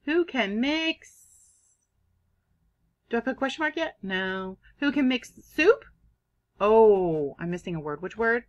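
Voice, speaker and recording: A woman teaching a kindergarten reading lesson, sounding out words in an animated, drawn-out way. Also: fairly high pitch, highs cut off. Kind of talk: online phonics lesson for young children.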